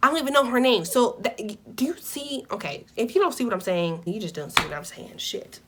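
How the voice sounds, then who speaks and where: A young woman vlogger telling a casual storytime, animated and profane, swinging between loud outbursts and muttered asides. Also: fairly high pitch, brisk, very noisy.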